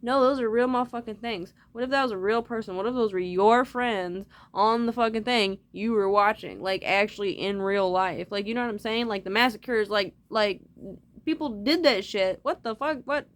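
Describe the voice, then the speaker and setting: A woman's voice: medium pitch, moderate pace. A woman talking straight to her viewers in a loose, rambling monologue, swearing freely as she goes. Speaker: vlogger.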